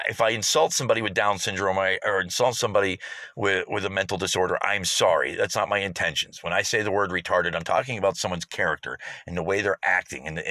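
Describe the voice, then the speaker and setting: A man hosting his own low-budget podcast, ranting bluntly and profanely in a rambling, casual way. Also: bright, forceful tone, no room sound. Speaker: podcast host. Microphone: home podcast setup.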